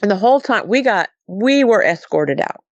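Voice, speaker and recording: A woman's voice: mid-range voice, moderate pace, no room sound, highs cut off. A middle-aged woman from Montana, a guest in an interview, telling her story casually and acting out the dialogue with animation. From Montana, USA. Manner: animated, acts out quoted dialogue with repeated "she goes". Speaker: guest recounting a sighting.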